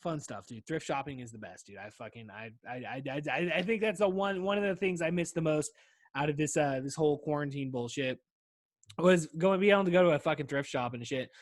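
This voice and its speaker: High-voiced rambling podcast host man. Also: fairly quick, no room sound. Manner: rambling, swears often, says "dude" constantly. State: voice wearing out. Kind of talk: casual solo podcast chat.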